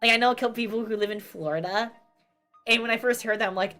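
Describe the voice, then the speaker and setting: A woman's voice: on the high side, fairly even intonation, quick pace, a bit bright, soft background music. A young woman from New Jersey chatting casually as a streamer, ranting and swearing with self-mocking asides. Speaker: VTuber streamer.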